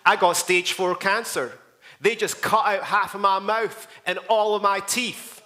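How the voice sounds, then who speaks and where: A man's voice: high-pitched, fairly even intonation, measured pace, pushed and bright. A man with a Scottish accent, a pastor giving a rambling, jokey report on a church outreach, full of asides to the listeners.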